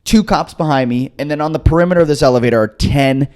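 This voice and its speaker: A young man co-hosting a comedy podcast, telling a story in a casual, animated way and acting out the voices of the people in it. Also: on the high side, fast. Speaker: podcast co-host.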